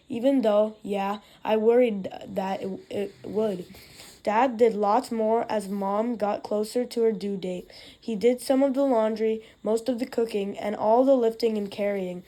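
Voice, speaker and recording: A woman's voice: mid-range voice, dark tone. A woman reading a novel aloud in the first person, with occasional slips and restarts. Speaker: reader.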